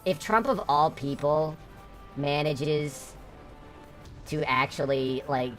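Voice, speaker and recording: A woman's voice: low voice, takes it slowly, soft background music. A woman from upstate New York streaming while gaming, chatting casually and bluntly, swearing freely, through a voice changer.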